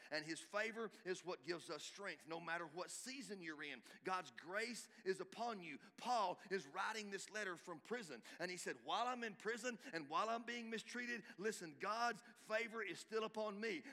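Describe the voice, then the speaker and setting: A middle-aged male pastor, preaching a sermon emphatically, swinging from loud exhortation to hushed asides. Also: a little high. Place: church hall. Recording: reverberant church hall.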